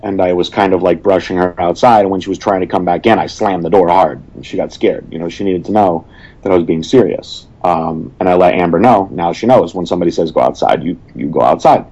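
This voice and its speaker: A man's voice: sits low, fairly even intonation, fairly quick, warm tone, muffled recording. A man talking in a casual podcast chat, plain-spoken and stern, with many fillers and restarts. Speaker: guest.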